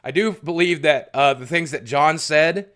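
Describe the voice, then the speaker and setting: Responding to live chat messages, a young streamer goes on a loose, profane rant, circling back and repeating himself. He speaks at normal speed in a slightly high, fairly bright voice.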